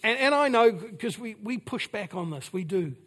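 A man preaching a sermon, repeating phrases for emphasis and dropping suddenly to a quiet voice. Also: sits high, animated, moderate pace. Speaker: pastor.

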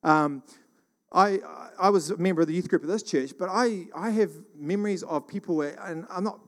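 A middle-aged man from New Zealand telling rambling church stories in a casual, animated monologue. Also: high voice, moderate pace. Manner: rambling, animated, acts out quoted voices.

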